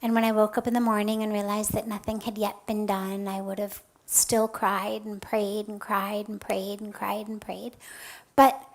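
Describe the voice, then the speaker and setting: A woman spiritual teacher speaks slowly and reflectively as she tells a personal story in a spiritual talk. Her pitch is medium with little movement, though she often sinks into a soft, breathy near-whisper and rises again to stress key words.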